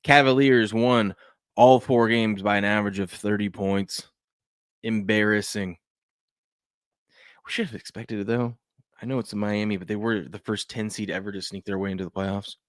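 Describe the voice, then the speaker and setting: A man with a somewhat low, steady voice hosts a casual sports talk show at normal speed, reacting to game clips and chat. He rambles, repeats himself, and keeps restarting sentences with lots of fillers, and there's no room sound.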